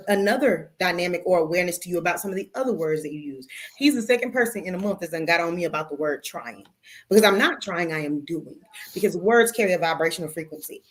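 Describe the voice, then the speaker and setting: A woman hosting a spiritual talk show, speaking emphatically and a little preachily, with playful cursing and calling listeners "baby". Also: on the low side.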